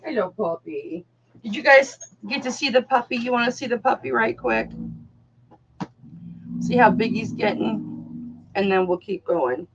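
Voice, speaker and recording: A woman's voice: fairly high pitch, lively intonation, unhurried, long pauses, background noise. A woman hosting a live online jewelry auction, chatting casually and calling viewers darling, honey and doll. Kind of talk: casual live-stream selling chat. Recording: dull lo-fi sound.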